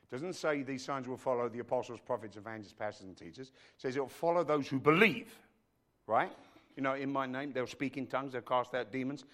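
A man's voice: mid-range voice, brisk. Emphatic male pastor preaching. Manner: emphatic, swinging between hushed and loud; addresses the congregation directly. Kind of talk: sermon. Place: church.

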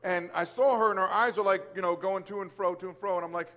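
A male preacher telling a testimony as a sermon, animated, with repeated starts and exclamations of praise. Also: high-pitched, fast talker.

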